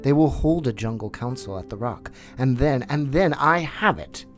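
A man voicing a wise, protective male black panther with a slow, deliberate, tender delivery in a storybook reading. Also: mid-range voice, lively intonation, soft background music, voice pushed up, close to an everyday voice. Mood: earnest.

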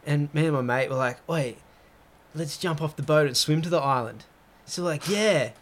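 A young man hosting a podcast, telling stories in casual chat, full of "like" and acted-out quotes. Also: normal speed. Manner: animated storyteller, heavy use of "like", acts out quotes with rising pitch. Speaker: podcast host.

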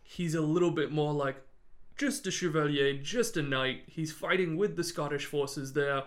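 A man's voice: a little high, moderate pace. A man co-hosting a podcast, telling a history story in a casual, jokey way and laughing often.

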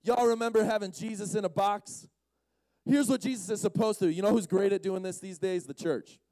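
High-voiced man preaching with jokes. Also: steady tone, a little fast, mellow, dry recording, rough recording. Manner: jokey, acts out scenes in quoted voices. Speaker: youth speaker. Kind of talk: humorous Bible-story preaching.

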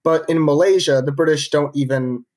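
A man's voice: fairly high pitch, moderate pace, darkish tone. A man co-hosting a podcast, telling a history story in a casual, conversational way, with many fillers and restarts. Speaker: podcast co-host narrating history.

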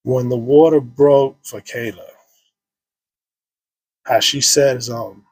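Husky man telling a painful story. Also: mid-range voice, steady tone, takes it slowly, darkish tone, no echo. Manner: casual, heavy slang, many restarts and fillers. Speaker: podcast guest. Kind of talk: emotional personal storytelling.

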